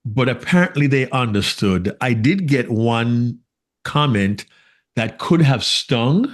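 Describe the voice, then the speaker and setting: A man with a Jamaican accent co-hosting a podcast interview, telling a lively story and laughing easily. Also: mid-range voice, takes it slowly. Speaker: podcast co-host. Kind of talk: casual interview chat.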